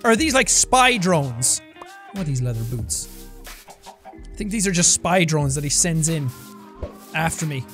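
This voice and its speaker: A man giving excitable let's play commentary, swinging from yelling outbursts to low mutters. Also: measured pace, pauses often, soft background music. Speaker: gameplay commentator.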